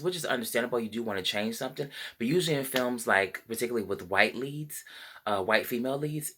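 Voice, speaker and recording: A man's voice: lowish voice, pushed and bright. A man giving a casual spoken movie review, rambling with frequent fillers and self-corrections. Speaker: film reviewer.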